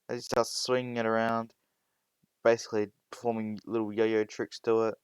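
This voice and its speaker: A man's voice: medium pitch, little pitch movement, normal speed, smooth, no echo, studio quality. A man narrating an improvised fan-fiction story, rambling with frequent restarts and fillers.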